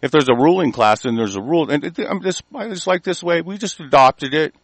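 A man's voice: a little high, lively intonation, brisk, no echo. A man hosting a call-in talk show, ranting angrily with heavy profanity and rambling restarts. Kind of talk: profane talk radio rant.

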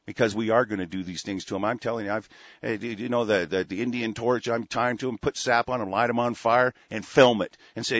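Husky, heated talk radio host man. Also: lowish voice, steady tone, a little fast, a bit bright, no room sound, highs cut off. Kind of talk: internet talk radio monologue.

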